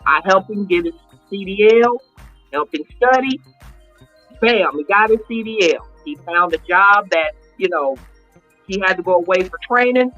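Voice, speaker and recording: With faint music in the background and a lo-fi sound, a woman in her late forties talks at a moderate pace in a mid-range voice. Appearing as an interview guest, she candidly recounts her own story, retelling it with animated emphasis and acting out the dialogue she quotes.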